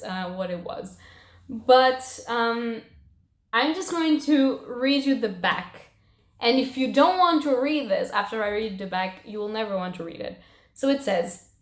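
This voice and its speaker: A young woman chatting casually about books she read, emotional and expressive, swearing now and then. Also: mid-range voice. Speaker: book reviewer. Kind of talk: casual book wrap-up chat. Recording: roomy echo.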